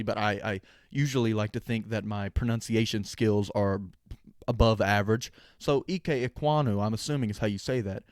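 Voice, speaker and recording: A man's voice: medium pitch, darkish tone, no room sound, clean studio sound. A young man hosting a sports podcast, talking casually with sarcastic, opinionated jokes. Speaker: podcast host.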